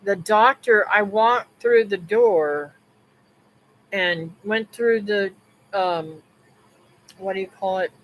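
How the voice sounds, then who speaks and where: A woman's voice: mid-range voice, slow pace, long pauses, dull audio. A woman hosting a live stream, telling a personal story in a casual, rambling way with restarts, asides to viewers and religious remarks.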